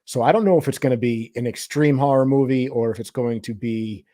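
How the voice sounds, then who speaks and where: A man hosting a casual movie review podcast, his voice recorded dry and close. He rambles through his thoughts, restarting and hedging as he goes, at an ordinary middle pitch. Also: brisk, warm tone, no echo. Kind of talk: casual chat.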